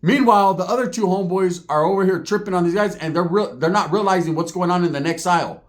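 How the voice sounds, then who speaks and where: A man's voice: high-pitched, fast. A man telling a street fight story in a casual, profane way, full of street slang.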